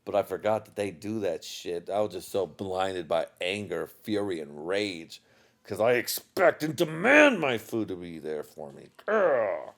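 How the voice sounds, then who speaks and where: A slightly low-voiced man rambles through a casual podcast monologue, cursing freely and breaking into laughter. He sounds a little tipsy, loose and unfiltered as he talks straight to his listeners. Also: sing-song, unhurried, vocal fry, fairly bright tone. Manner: profane, rambling storyteller with bursts of laughter. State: tipsy from drinking. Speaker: podcast host.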